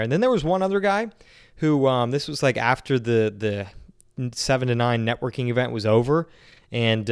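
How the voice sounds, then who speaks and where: A man's voice: mid-range voice, smooth. A young man telling a long casual story, rambling with lots of fillers like "you know what I mean". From Pittsburgh area, Pennsylvania.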